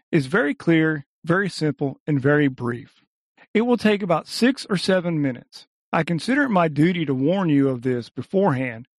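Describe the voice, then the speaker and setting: Suave male thief orator, read by a man, polite, measured, dry sound. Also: a little high, no echo. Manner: elegant, courteous, measured speech. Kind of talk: audiobook reading.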